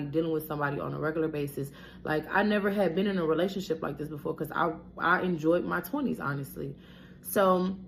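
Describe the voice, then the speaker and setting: A young woman with a low voice tells her story straight to the camera, blunt and salty, cursing freely and calling out to her viewers. There is a faint hiss of noise under her voice. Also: a bit bright. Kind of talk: casual storytime monologue.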